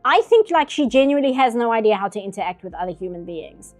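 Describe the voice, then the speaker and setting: A woman's voice: on the high side, very animated, fast, a little mellow, faint music behind. Opinionated ranting woman streamer. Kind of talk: casual chat during an art stream.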